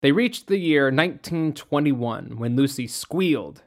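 A narrator reading a novel aloud in a steady, even storytelling manner. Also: mid-range voice, unhurried, few pauses. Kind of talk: audiobook reading.

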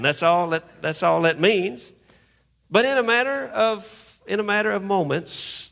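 A man, a pastor, preaching a conversational sermon with humorous asides, speeding up for jokes and slowing for emphasis. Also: on the high side, fairly bright tone. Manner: conversational, humorous storytelling, pace shifting from quick asides to slow emphasis.

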